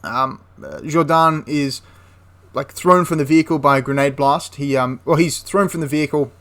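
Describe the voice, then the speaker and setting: A man's voice: on the high side, animated, normal speed, a bit bright. A young man casually retelling a wartime history story, chatty and prone to correcting himself mid-sentence. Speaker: history channel host.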